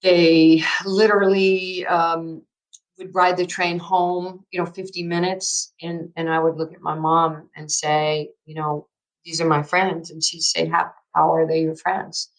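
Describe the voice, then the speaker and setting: A woman in her sixties, from New York with a faint accent, telling lively stories as a podcast interview guest. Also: on the low side, a little slow, low-quality recording. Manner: lively anecdotal storyteller with fillers. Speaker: guest, basketball coach.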